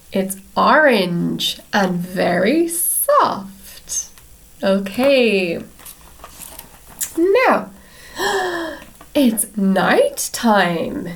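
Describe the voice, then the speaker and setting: A woman teacher reading a picture book aloud to young English learners, speaking slowly and clearly in a sing-song way, with many encouraging yeses. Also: on the high side. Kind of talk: slow read-aloud storytime for young learners.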